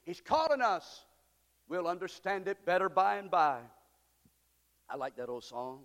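Fervent preacher, big hall echo. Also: male voice, sits high, big pitch swings, measured pace. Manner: swings from quiet asides to shouted fervent appeals. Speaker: pastor. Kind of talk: sermon. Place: church sanctuary. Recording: long church hall reverb.

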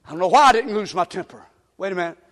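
A preacher with a very high voice delivers his sermon in a church sanctuary. He trades call-and-response lines with the congregation and climbs to shouted peaks. Long reverb from the hall hangs on every line. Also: animated, rapid-fire. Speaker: pastor.

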